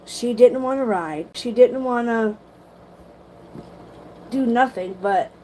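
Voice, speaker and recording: Animated woman telling stories. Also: a little high, slow, a little hiss or hum, low-quality recording. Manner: animated, swearing, lots of "like". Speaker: livestream host. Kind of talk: casual storytelling to viewers.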